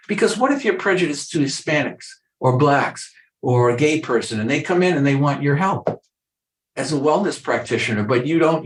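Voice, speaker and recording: An older man who works as a clinical psychologist speaks earnestly in a podcast interview, acting out brief exchanges with patients. His voice is a little high, and the audio is reverberant and poor.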